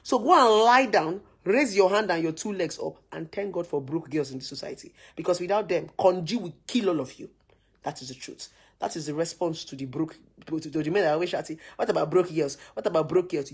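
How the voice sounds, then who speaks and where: A woman with a Nigerian accent, a social media commentator, delivers an opinionated rant straight to camera in a husky, slightly breathy voice that sits on the low side. At a moderate pace, she hammers her points home with repeated rhetorical questions and a preachy, forceful delivery.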